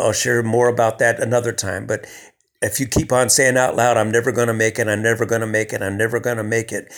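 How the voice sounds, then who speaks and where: Man preaching a conversational sermon. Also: medium pitch. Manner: conversational, with emphatic swells and hushed soft passages.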